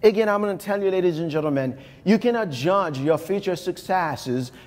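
A man's voice: high-pitched, expressive, moderate pace, darkish tone. A man from Haiti, giving a live motivational keynote speech and speaking emphatically, repeating phrases and addressing the crowd directly. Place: large conference hall. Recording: long hall reverb from a conference room.

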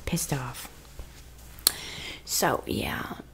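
A woman's voice: very deep voice, wildly swooping pitch, extremely slow, gravelly, fairly bright tone. A woman chatting in whispers for ASMR, close to the mic, rambling casually and cussing now and then. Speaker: ASMR creator. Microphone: close ASMR microphone.

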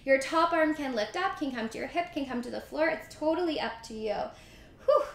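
This pilates instructor's high voice is expressive and brisk, and the room sounds roomy. She guides a mat workout by cueing moves, counting reps and chatting along the way.

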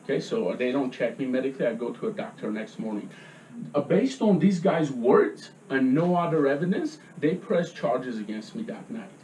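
A man's voice: medium pitch, lively intonation, moderate pace, dark tone, a little hiss or hum. A man giving a heated public comment at a meeting, agitated and repeatedly pressing his points with "okay?". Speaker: resident speaking at a public meeting. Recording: echoey room from far off.

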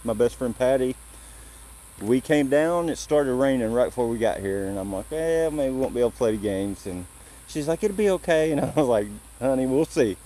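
A man from Illinois tells his story outdoors in a plain, easygoing way, acting out both sides of the exchange. His voice is mellow and dark, at an ordinary pitch, with a faint hiss of outdoor noise behind it. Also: expressive, fairly quick, low-quality recording. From Illinois, USA. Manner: plain-spoken, retells events through quoted back-and-forth. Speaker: visitor telling what happened to him. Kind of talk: casual spoken storytelling.

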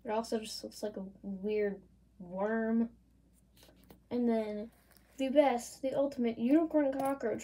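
Her voice on the high side, a woman slowly narrates her doodles for an art channel, leaving long pauses. The tone is playful and chatty, and she gives the prompts lively voices.

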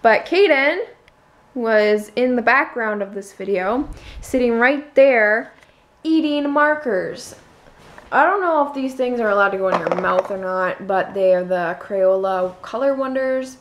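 A woman's voice: on the high side, slight background noise. A young woman chatting casually at home for her family vlog, rambling with lots of fillers and sometimes dropping to a whisper. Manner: rambling, many fillers, drops to a whisper at times. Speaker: family vlogger.

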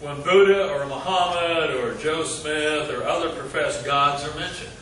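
A man teaching a group Bible study in a church meeting room, halting with many fillers and quizzing his listeners. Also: on the high side, a bit bright, far from the mic. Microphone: distant room mic. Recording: echoey room recorded from afar, noisy.

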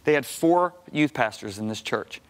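A man in his sixties, a guest preacher on a television studio set, telling a story in an emphatic way that climbs to high, excited outbursts. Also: normal speed. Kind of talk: animated storytelling on a talk show.

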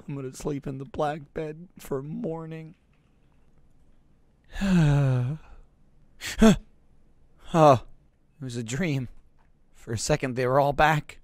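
A young man doing comedic gameplay commentary, acting out melodramatic mock grief. He swings between shouts and mutters and swears freely. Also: on the high side, slow, pauses often, dry recording, studio quality. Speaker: let's play gamer.

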